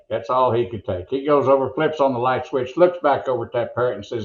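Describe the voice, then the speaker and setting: Speaking fairly quickly with hardly any pauses, an older man with an Oklahoma accent tells folksy, rambling stories and jokes. He's a former monster truck announcer being interviewed casually, his voice is medium-pitched, and the audio is dull.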